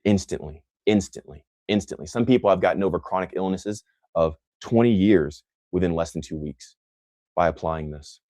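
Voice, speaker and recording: A man with a very low voice speaks intensely and emphatically, hammering phrases through repetition as he answers viewers. The sound is dry and close, with no room around it. He turns scornful when he talks about critics. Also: moderate pace, darkish tone, no room sound. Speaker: host answering live comments. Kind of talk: motivational livestream talk.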